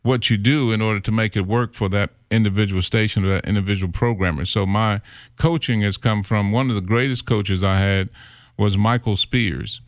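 Middle-aged male radio voice artist, low register, dry close mic, animated storyteller. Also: moderate pace, no room sound. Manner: animated storyteller who acts out quoted voices. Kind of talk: casual interview storytelling.

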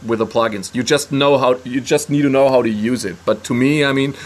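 A man's voice: mid-range voice, a little fast. A man from Southern Germany with a German accent, a music producer guest talking casually with many ums. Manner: relaxed, hesitant, many ums. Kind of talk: casual interview.

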